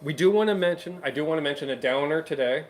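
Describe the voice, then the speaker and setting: A man's voice: a little high, slight background noise. A man co-hosting a casual guitar livestream, chatting upbeat and reading viewer comments aloud. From Canada. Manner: chatty, upbeat, quick asides. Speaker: co-host of a livestream guitar show.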